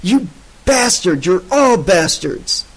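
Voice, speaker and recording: A man voicing a shrill male scientist ranting in a fit of rage, in an audiobook. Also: expressive, moderate pace, low-quality recording. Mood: enraged. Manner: shrill, shouting.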